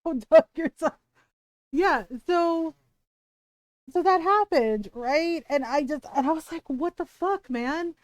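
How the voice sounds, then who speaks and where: A woman's voice: high voice, slow pace, long pauses, no room sound. A woman livestreamer telling a story in casual chat, full of "like" and "right?", swearing freely when exasperated. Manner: chatty, peppered with "like" and "right?".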